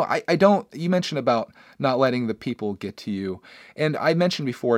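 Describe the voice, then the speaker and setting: A man's voice: medium pitch, no room sound, clean studio sound. A man in his thirties hosting a casual solo podcast, talking earnestly and rambling with many restarts. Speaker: podcast host and YouTuber.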